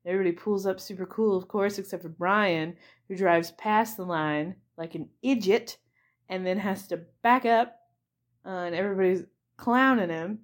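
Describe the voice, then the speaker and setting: A young adult woman hosts a comedy podcast, recapping a movie in a rambling, giggly manner full of fillers. Her voice is medium-pitched and her speed is normal.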